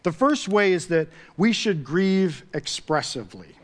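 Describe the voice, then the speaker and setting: A man's voice: high-pitched, animated, unhurried. A man preaching a sermon as pastor, talking conversationally and building to emphatic swells with repeated phrases.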